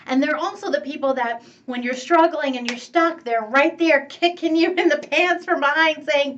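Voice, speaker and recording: A woman giving a relationship coaching talk, upbeat and animated, laughing and acting out what friends and family say. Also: high voice, moderate pace, hardly any pauses, recorded from a distance, highs cut off, slight background noise. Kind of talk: teaching talk to camera.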